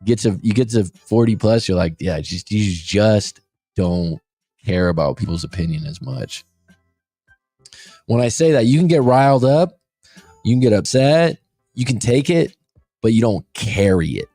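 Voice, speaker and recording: Blunt, low-voiced male life coach. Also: lively intonation, unhurried, mellow, no room sound, soft background music. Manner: blunt, swears freely, conversational. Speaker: life coach and show host. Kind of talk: casual podcast talk.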